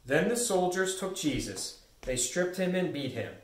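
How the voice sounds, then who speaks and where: A man's voice: sits high, expressive, measured pace. A man reading a story aloud steadily as a narrator in a church pageant. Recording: echoey church, distant mic.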